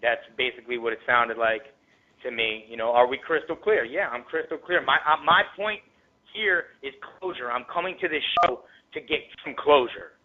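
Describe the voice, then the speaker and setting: A man guesting on a radio show, telling a rambling story with lots of profanity in a casual, animated way. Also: mid-range voice, normal speed. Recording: tinny phone line.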